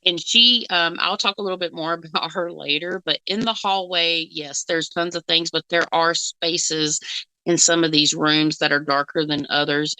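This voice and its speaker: A woman's voice: sits low, creaky, sharp tone, no echo, rough recording. A woman co-hosting a casual reaction chat as a psychic, rambling with fillers and frequent giggles. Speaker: psychic co-host.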